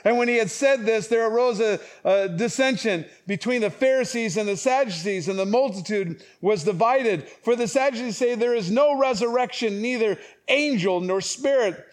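A male pastor with a high voice preaching with lively storytelling. He acts out characters with big swings in pitch, then falls low and soft for personal stories. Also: normal speed. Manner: drops to low, quiet tones for personal moments. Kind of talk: sermon.

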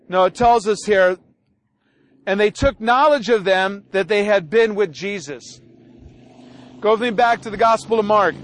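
A man preaching a sermon who tells stories and acts out both sides of family arguments. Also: very high-pitched. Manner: animated storytelling, acts out family dialogue. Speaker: pastor.

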